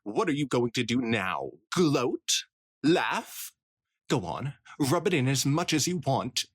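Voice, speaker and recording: A man's voice: medium pitch, big pitch swings, takes it slowly, breathy edge, voice pushed up, exaggerated voice. A man voicing a snobbish, wealthy middle-aged mare pony in a dramatic fanfiction reading, in a haughty, affected way. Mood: sulky.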